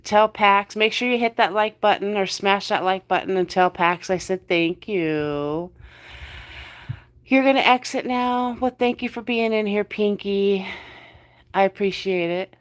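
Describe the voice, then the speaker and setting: Tucked in bed under the covers, a livestream host with a New Jersey accent speaks in a clean, medium-pitched voice at a measured pace. Her casual live chat has her greeting viewers by name and saying things more than once.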